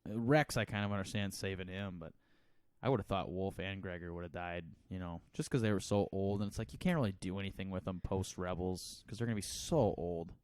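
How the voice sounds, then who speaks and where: Low-voiced man rambling casually on a podcast. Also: brisk, a little mellow, clear, resonant tone, dry recording. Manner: rambling, laughs often, slips into mock accents. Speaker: podcast co-host.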